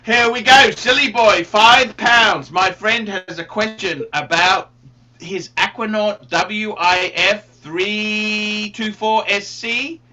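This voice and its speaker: An excitable man hosts a casual livestream. His voice sits high and rings very bright and forceful, breaking into loud bursts. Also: slow pace, muffled recording. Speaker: livestream host.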